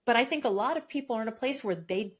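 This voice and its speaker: A woman in her fifties, a podcast guest talking in a casual, animated way, laughing often and restarting sentences. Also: on the high side, quick pace. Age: 50s. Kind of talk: casual interview chat.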